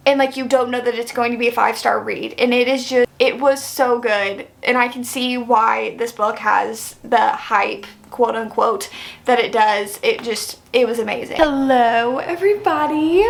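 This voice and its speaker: A woman's voice: on the high side, flat delivery, normal speed, vocal fry. A young woman reviewing a book in a casual vlog, chatty and effusive, with many "like" fillers. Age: young adult. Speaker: book vlogger.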